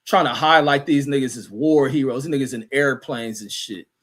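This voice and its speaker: A man's voice: medium pitch, moderate pace, fairly bright tone. A man hosting a livestream, reading chat comments aloud and answering them in a heated, profane rant full of fillers.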